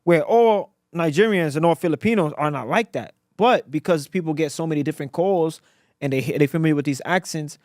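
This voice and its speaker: A man from Africa talks fast and freely as a podcast guest, slangy and animated, often repeating himself. His voice sits a bit high for a man. The sound is close and dry, with no room around it. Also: no echo. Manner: animated storyteller, slangy and repetitive. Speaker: guest entrepreneur. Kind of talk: casual podcast interview.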